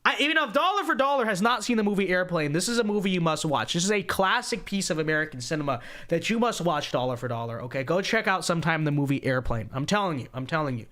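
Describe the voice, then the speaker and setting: A young man hosting a casual livestream, reading viewer donations aloud in an animated, joking way with frequent restarts. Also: fairly high pitch, fast, few pauses. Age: young adult. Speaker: show host.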